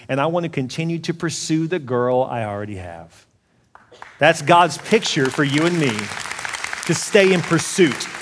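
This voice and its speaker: A man in his forties preaching a sermon as a pastor, telling the story in an animated way and acting out the voices. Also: a little high, big-room sound. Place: church auditorium.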